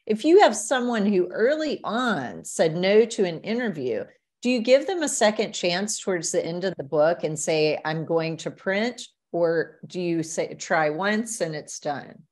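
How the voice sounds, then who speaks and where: A woman's voice: lowish voice, expressive, a little slow, darkish tone. A woman interviewing a guest, asking questions with eager curiosity and enthusiastic reactions. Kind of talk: conversational interview.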